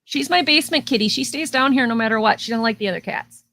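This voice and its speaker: Fond woman with a higher voice. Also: fast, sharp tone. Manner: fond and doting, talks about her cat. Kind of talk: casual chat.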